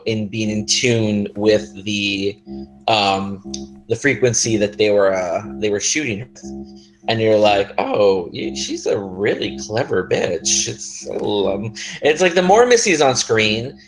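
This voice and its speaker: A man co-hosting a podcast in casual chat, rambling excitedly and swearing casually. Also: lowish voice, low-quality recording. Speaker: podcast co-host.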